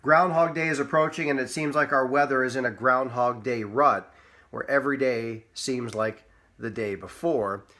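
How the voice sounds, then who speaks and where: A man's voice: medium pitch, moderate pace. Chatty male weather presenter. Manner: relaxed and folksy, prone to small asides. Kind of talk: casual, chatty weather forecast with a read sponsor spot.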